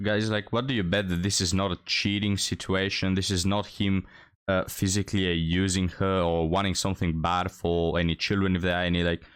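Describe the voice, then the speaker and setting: Low-voiced man rambling to viewers. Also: smooth. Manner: rambling, repeats himself, addresses viewers as guys. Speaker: reaction commentator. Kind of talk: casual commentary over a played clip.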